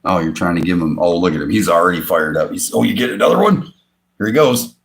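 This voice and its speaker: A man hosting a casual livestream from his home beside a fish tank. He chuckles often and coos at his pet fish in sudden high bursts. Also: lively intonation, quick pace, vocal fry. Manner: chuckles often between remarks. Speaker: fishing channel host.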